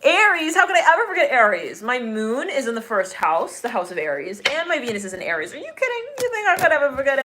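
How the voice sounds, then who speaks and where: Excitable, chatty woman reading tarot. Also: fast, few pauses, noisy background. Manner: chatty and exclamatory, laughs often; breaks into sudden excited high-pitched bursts. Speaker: tarot reader. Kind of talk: live-streamed tarot reading.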